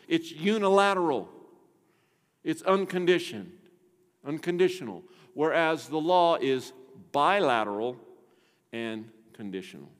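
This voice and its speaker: An older man preaching a sermon, emphatic, asking rhetorical questions and swinging between loud and soft. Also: on the high side. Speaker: pastor. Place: church sanctuary. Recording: long hall reverb.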